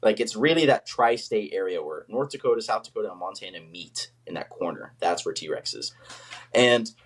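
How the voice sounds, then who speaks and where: A man's voice: lowish voice, very animated, moderate pace, breathy edge. A man from the United States, a paleontologist guest telling stories in a casual podcast chat, full of fillers and restarts. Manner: chatty, storytelling, many fillers.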